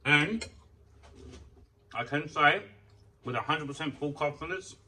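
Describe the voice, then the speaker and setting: A food vlogger eats while chatting casually, rambling and swearing freely about the meal. His voice is a little high and slow, pushed and bright, picked up by a distant mic on a rough recording.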